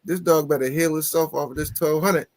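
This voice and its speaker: A man on a casual talk show, telling a story in an animated, exasperated way and swearing often. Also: fairly high pitch, fairly quick, no echo. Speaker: podcast co-host.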